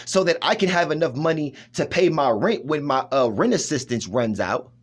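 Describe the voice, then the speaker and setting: A man talking in a rambling personal monologue, emphatic, restarting often and checking in with his listener. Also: a little high. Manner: emphatic, keeps asking "you know what I'm saying".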